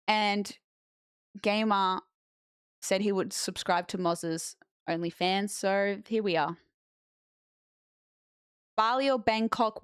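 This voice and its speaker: A woman's voice: mid-range voice, smooth, no room sound, studio quality. A young woman streaming, chatting bluntly and jokingly with her live chat and reading messages aloud. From Australia.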